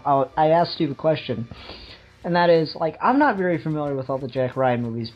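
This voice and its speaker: A man co-hosting a podcast in casual chat, rambling, laughing and swearing casually. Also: on the high side. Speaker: podcast co-host. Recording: dull lo-fi recording with faint music.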